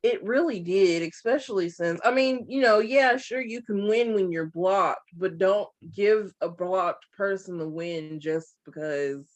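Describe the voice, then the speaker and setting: A woman's voice: medium pitch, unhurried, few pauses. A woman co-hosting a casual review chat, mostly agreeing with short replies. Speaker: co-host reviewing a TV competition.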